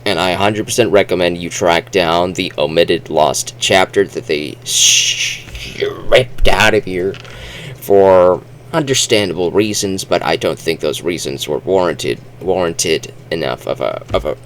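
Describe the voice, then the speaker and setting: A man giving a casual, rambling book review vlog, talking haltingly and restarting his sentences. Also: sits low, a bit bright, slight background noise.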